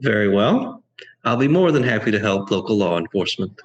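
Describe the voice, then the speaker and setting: A man's voice: on the low side, very animated, a little fast, highs cut off. A man playing a tabletop role-playing game, speaking in character as a courteous restaurant owner. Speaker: player.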